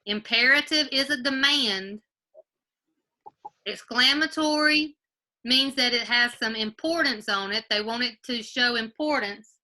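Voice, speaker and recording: A woman's voice: a little high, unhurried, bright, forceful tone. A woman teaching a grade-school class over a video call from home, patiently quizzing pupils by name and repeating her questions.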